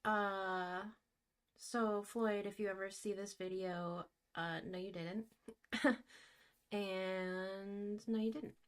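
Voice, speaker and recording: A young woman vlogging as she paints, talking in a giddy, gushing, excitable way. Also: mid-range voice, slow. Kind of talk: casual vlog talk to camera.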